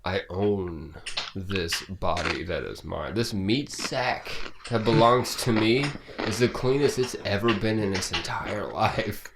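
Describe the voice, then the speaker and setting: Young dude chatting on a podcast, lowish voice, swears a lot, noisy recording. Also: male voice, slow pace. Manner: animated, swearing, laughing storyteller. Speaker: podcast co-host. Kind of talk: casual chat.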